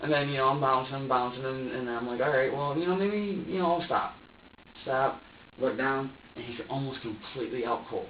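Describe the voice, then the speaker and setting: Under police interrogation, a suspect in his twenties with a mid-range voice halts and repeats himself through a profane, rambling statement. Captured in an interview room, the sound is echoey, dull and distant, with faint ambience and slight background noise.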